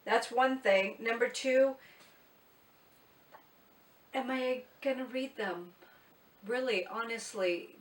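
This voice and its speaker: Recorded in an echoey room with a faraway mic and a little hiss or hum, a woman with a fairly high voice runs a laid-back book vlog. She's frank, talkative, and self-mocking.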